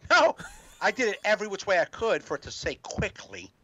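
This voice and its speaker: Man, podcast co-host, casual chat, higher voice, dry close sound, quick agreeing replies. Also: sing-song, sharp tone, dry recording. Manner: agreeable, frequent quick back-channel replies.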